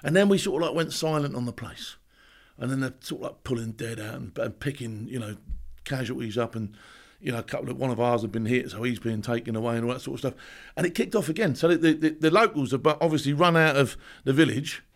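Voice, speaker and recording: A man, a former soldier, telling stories in a casual interview, animated and laughing as he acts out what others said. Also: mid-range voice, quick pace. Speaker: podcast guest, former special forces soldier.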